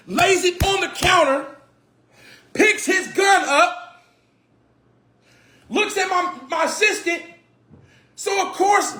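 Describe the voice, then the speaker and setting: A man telling a personal story casually, animated and repetitive, swearing and getting heated. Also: extremely high pitch, slow pace, pauses often. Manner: animated, repeats phrases, swears, grows heated and shouts. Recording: roomy echo.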